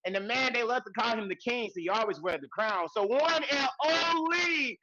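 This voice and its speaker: A man co-hosting a podcast in casual chat, talking loud and hyped, with slangy, profane banter and shouted intros. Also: high-pitched, lively intonation, a little fast, muffled recording, very noisy. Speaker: podcast co-host.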